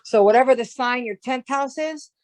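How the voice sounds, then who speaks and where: A high, slightly mellow female voice at normal speed belongs to an astrologer guest. Chatting casually, she rambles through lengthy explanations, restarting sentences and checking in with "right?".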